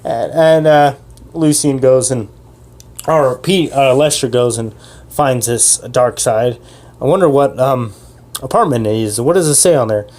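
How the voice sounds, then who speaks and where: A woman's voice: rumbling low, unhurried, a little mellow. A woman improvising a comedy story in a chatty, giggly way.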